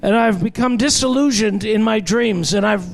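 A man's voice: sits high, normal speed. A man preaching a sermon in a conversational way, with joking asides to the congregation. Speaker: pastor.

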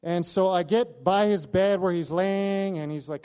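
Male pastor, slightly high voice, lively storytelling sermon, voices the people in his story. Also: brisk, few pauses, clear, resonant tone. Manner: animated, acts out quotes, laughs at himself.

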